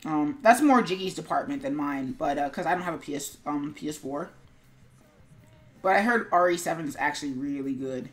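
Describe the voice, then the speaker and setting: Her voice is deep, animated, and fairly quick as this woman streamer chats casually with viewers while working on an animation. She rambles, uses many fillers, and mumbles to herself.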